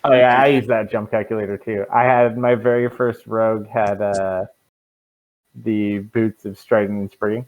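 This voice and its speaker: A man running a tabletop game as dungeon master, relaxed and hesitant with fillers, over a voice call. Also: fairly low pitch, moderate pace, rough recording.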